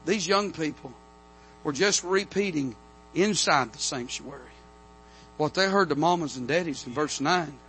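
A preacher in a church sanctuary, his voice pitched a bit high and ringing bright. He tells a story, then builds to loud, emphatic amens. A faint mains hum sits underneath. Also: normal speed. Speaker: pastor. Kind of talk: revival sermon.

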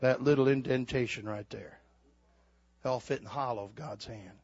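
An older man preaching a sermon, swinging from shouted exhortation to quiet, folksy storytelling. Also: mid-range voice, moderate pace, dull audio. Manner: fiery preaching, builds to shouts then drops to quiet storytelling.

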